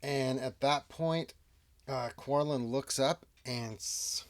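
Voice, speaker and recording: A man's voice: mid-range voice, takes it slowly. A man playing a tabletop game by himself, narrating casually and thinking aloud, now and then muttering asides under his breath. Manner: muses aloud, drops into muttered whispered asides. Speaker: solo tabletop game player.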